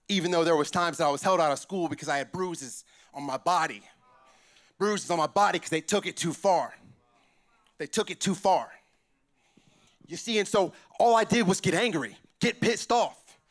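High bright man preaching his testimony. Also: moderate pace. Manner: emphatic, repeats lines, builds to shouts. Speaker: church member giving testimony. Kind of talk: impassioned church testimony. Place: church.

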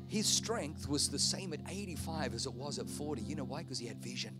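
A man's voice: medium pitch, a little fast, hardly any pauses. A man preaching a sermon in a fervent, repetitive style that builds into exhortation. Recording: loud guitar music behind.

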